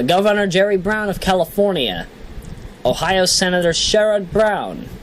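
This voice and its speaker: A woman vlogger with a lowish voice chats casually while reading down a list, giggling, joking at her own expense and apologizing for her mispronunciations. The recording is rough, with a little hiss or hum.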